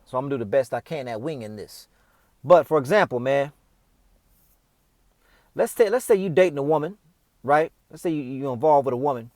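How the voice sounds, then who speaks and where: A man's voice: mid-range voice, lively intonation, brisk, pauses often, darkish tone, no room sound. A man giving casual, off-the-cuff spiritual advice, talking straight to the listener in loose slang. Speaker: host.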